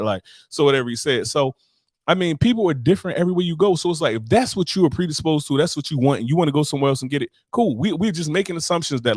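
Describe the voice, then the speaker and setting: A man's voice: a little high, no room sound, studio quality. A man hosting a podcast, ranting in casual, profane chat. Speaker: podcast host.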